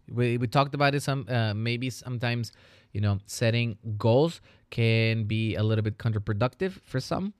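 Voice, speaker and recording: A man hosting a solo educational podcast, talking casually as a teacher and turning lively when he retells classroom stories. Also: medium pitch, no echo, clean studio sound.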